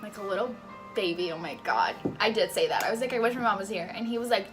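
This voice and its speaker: A young woman telling a personal story in a casual vlog, acting out the voices of the people in it, laughing often and dropping to a hush at tense moments. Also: mid-range voice, quick pace, soft background music. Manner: animated, acts out the voices in her story. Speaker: patient telling her surgery story.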